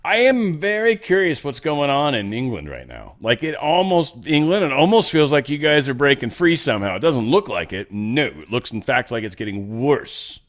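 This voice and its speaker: A man's voice: mid-range voice, big pitch swings, moderate pace, few pauses. Rambling man hosting a commentary show. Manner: rambling, joking asides. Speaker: host. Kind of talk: casual news commentary.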